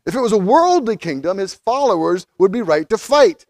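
A pastor preaching a sermon, animated, acting out quoted figures as he goes. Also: high-pitched, brisk, no echo.

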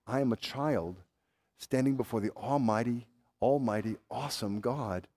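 A man preaching a sermon, swinging from loud urgent pleading to low, quiet intensity. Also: normal speed. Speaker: pastor.

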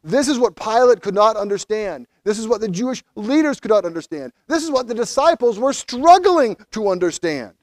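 A pastor preaching a sermon, animated, acting out quoted figures as he goes. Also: sits high, brisk, hardly any pauses, dry recording.

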